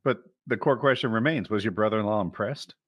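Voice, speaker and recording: Deep-voiced man telling a calm story. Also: fast talker, no echo. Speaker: podcast co-host. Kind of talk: casual chat.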